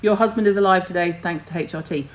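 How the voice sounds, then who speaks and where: A woman's voice: on the low side, quick pace, poor audio. A middle-aged woman, hosting a casual skincare livestream and chatting to viewers in a blunt, rambling way, with the odd casual swear.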